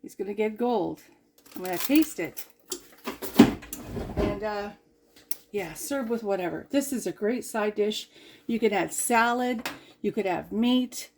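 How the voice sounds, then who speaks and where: A woman's voice: mid-range voice, measured pace, pauses often, noisy background. A woman chatting casually through a cooking demonstration in her home kitchen. She is goofy and rambling, and talks to herself as she works. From Canada. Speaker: cooking vlogger.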